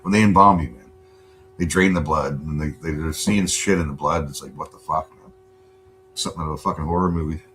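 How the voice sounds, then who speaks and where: A very deep-voiced man talks on his home livestream in a loose, rambling way, with swear words dropped all through. Under his voice runs a faint steady hum. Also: a little fast. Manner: laid-back, rambling, swears a lot. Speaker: livestream host. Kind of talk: casual chat.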